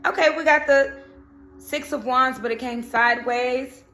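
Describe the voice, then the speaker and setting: A woman's voice: sits high, unhurried, sharp tone, soft background music. A woman reading tarot cards in a casual chat, who keeps checking in with "okay?" and "you know". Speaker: tarot reader.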